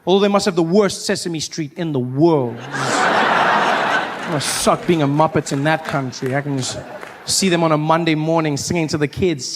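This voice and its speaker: A male comedian doing stand-up before a live audience, animated and often breaking into put-on voices. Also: a little high, moderate pace, a crowd in the background.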